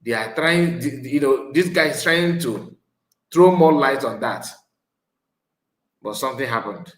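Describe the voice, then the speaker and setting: A man comments casually at a very slow pace, pausing often between remarks. His voice sits in a middle register. The recording has a noticeable room echo. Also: mid-range voice, animated, a bit bright. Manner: slow, drawn-out remarks with frequent pauses. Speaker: channel host reacting to a clip.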